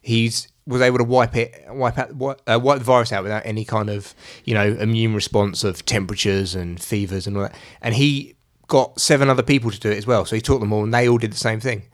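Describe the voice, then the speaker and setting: A man's voice: lowish voice, steady tone, fast talker, few pauses. Rambling male podcast host. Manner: rambling storyteller with frequent fillers and casual swearing. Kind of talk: casual chat.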